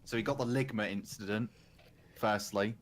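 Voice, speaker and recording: A man's voice: on the low side, steady tone, moderate pace, a little hiss or hum. A man hosting a casual chat podcast, joking and blunt, swearing freely. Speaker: podcast host.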